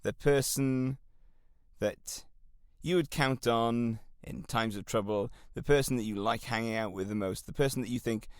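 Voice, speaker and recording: A Welsh-accented man hosts a solo self-help podcast, coaching listeners in an earnest, encouraging way. His mid-range voice moves at normal speed with a clean tone, recorded in clean studio sound with no room noise.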